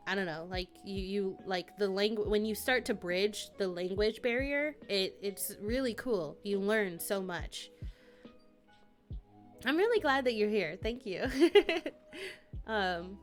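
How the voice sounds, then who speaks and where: A woman in her twenties or so chats with her viewers on a live stream, giggling often and drifting from thought to thought. She talks at an unhurried pace in a middle-pitched voice. Faint music plays quietly behind her. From United States. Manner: giggly, rambling, chatting with viewers. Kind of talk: casual live-stream chat.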